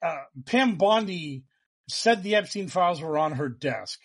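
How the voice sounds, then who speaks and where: A man's voice: fairly high pitch, lively intonation, measured pace. A man in casual political chat, sarcastic and mocking, swearing freely as a podcast co-host.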